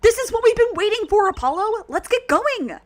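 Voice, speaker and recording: A woman voicing a bubbly, upbeat teenage girl magician in a high, excitable voice, reading game dialogue aloud. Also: a little fast. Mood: cheerful.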